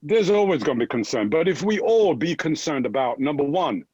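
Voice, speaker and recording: Speaking a little fast in a husky, fairly high voice, this man from Jamaica has an energetic manner as an upbeat fitness guest. He keeps adding "right?" to his points throughout the motivational chat, and the lo-fi audio has no echo.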